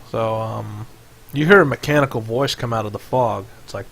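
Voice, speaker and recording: A man's voice: lowish voice, normal speed, creaky, fairly bright tone, husky. A man narrating as game master over voice chat in a loose, filler-heavy way. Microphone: headset or desk mic on voice chat.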